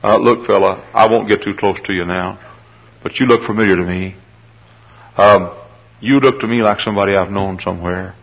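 A preacher doing a hesitant, curious passerby. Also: male voice, lowish voice, fairly even intonation, moderate pace, breathy edge. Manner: hesitant, friendly questioning. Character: curious male passerby questioning a leper. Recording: dull lo-fi sermon recording.

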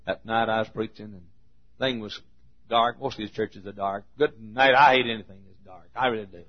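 A man preaching a sermon, telling folksy stories and swinging between hushed asides and emphatic points. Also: fairly low pitch, steady tone, fairly quick. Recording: muffled lo-fi recording.

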